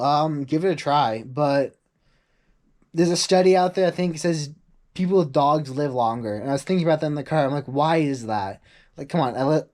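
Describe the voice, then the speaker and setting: A young man chats through a rambling vlog with a slightly high-pitched voice. He fills his talk with "like" asides. When he quotes other people, he acts them out in a higher voice. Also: darkish tone. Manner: chatty, rambling, full of "like" asides. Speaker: vlogger. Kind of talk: casual vlog monologue.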